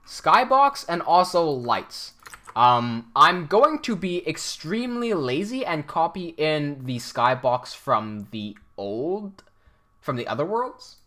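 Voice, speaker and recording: A man streaming live, reading chat aloud and thinking out loud as he works. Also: mid-range voice. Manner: thinks aloud while working, reads chat aloud. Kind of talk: casual livestream chat.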